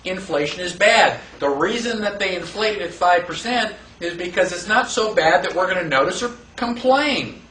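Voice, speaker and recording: A man teaching a class in a lively lecture, asking the room questions and acting out the people he quotes. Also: sits high, moderate pace, few pauses, a little hiss or hum. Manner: animated, rhetorical questions, acts out quoted voices. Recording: echoey room, voice from far off.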